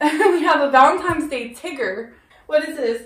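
A woman's voice: high-pitched, normal speed, a bit bright, slight background noise. A woman vlogging a staged scare, giggling and exclaiming breathlessly in mock fright. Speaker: family vlogger. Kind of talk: staged prank vlog.

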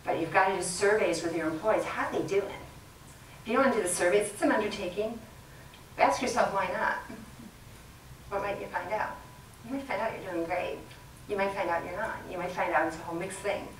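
A middle-aged woman giving a leadership talk to an audience, chatty and quick to laugh. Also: mid-range voice. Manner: chatty, laughs often, plays with the crowd. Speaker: guest speaker. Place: lecture room with audience. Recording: roomy sound from a distant mic, faint background noise.

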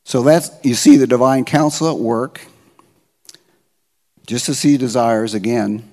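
A man's voice: mid-range voice, unhurried, a little mellow. A middle-aged man preaching as a pastor, retelling a story in casual, slangy words and often checking in with "okay?". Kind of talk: conversational sermon storytelling. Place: church sanctuary. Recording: long church-hall reverb.

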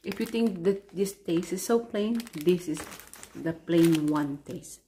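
Slow, low-voiced woman tasting snacks. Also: mellow, slight background noise. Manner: chatty, unhurried, tasting snacks between remarks. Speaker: vlogger. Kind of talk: casual food-tasting vlog.

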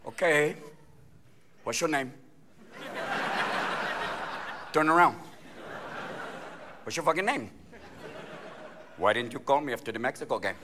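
Comic playing a coy, soft-talking referee, hushed and low. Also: male voice, animated, moderate pace, long pauses, noisy background, close to an everyday voice. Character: soft-spoken flirty male soccer referee. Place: theater stage before a live audience.

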